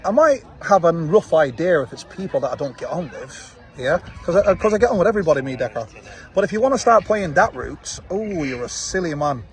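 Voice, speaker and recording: A Manchester man, a fight promoter, films a confrontational reply video straight to camera outdoors while watching football. His voice is slightly high, very animated and a bit quick, and he taunts with a repeated "yeah?" in his Manchester accent.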